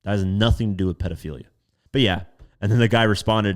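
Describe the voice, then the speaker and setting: Deep-voiced exasperated podcast host. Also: male voice, fast talker. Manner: animated, exasperated, casual swearing. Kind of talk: casual commentary podcast.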